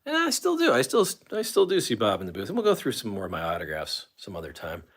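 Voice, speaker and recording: A man's voice: on the low side, huge pitch swings, quick pace, husky. A man hosting a casual live stream who rambles, reads viewer comments aloud and walks around his room while he talks. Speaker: livestream host. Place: room at home with an autograph wall.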